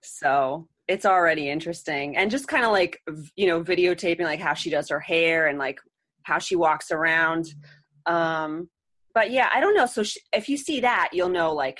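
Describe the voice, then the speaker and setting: A woman's voice: deep voice, normal speed, a bit bright, no echo, studio quality. A woman in her thirties chatting as an interview guest, rambling with lots of "like" and "um" and a wry sense of humor. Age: 30s. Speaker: interview guest, trading contestant. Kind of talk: casual interview chat.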